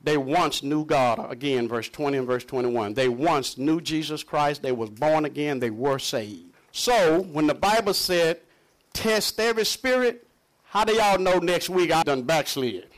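A man's voice: a little high, lively intonation, a little slow. A man preaching a sermon, stretching key words for emphasis. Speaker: pastor.

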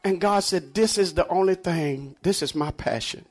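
A man preaching a sermon, swinging from low murmurs to high shouts and joking with the congregation. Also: normal speed. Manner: jokes and laughs with the congregation. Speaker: pastor.

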